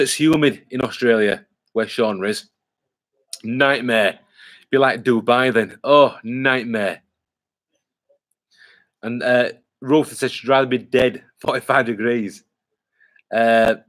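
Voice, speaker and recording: A man's voice: medium pitch, fairly bright tone. A man, chatting casually on a live stream, reading viewer comments aloud and rambling with lots of fillers. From England. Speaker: vlogger hosting a live stream.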